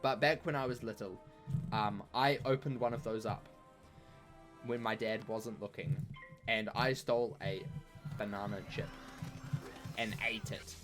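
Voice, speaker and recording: A man's voice: fairly low pitch, fairly even intonation, measured pace, pauses often, fairly bright tone, faint music behind. A man streaming a game and chatting casually with his viewers in a playful, jokey, rambling way, full of fillers. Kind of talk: casual live-stream chat while gaming.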